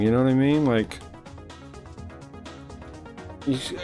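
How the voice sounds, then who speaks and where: A man's voice: mid-range voice, fairly even intonation, takes it slowly, long pauses, dark tone, soft background music. Profane, mocking male streamer. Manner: heated, repeating himself. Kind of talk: livestream chat rant.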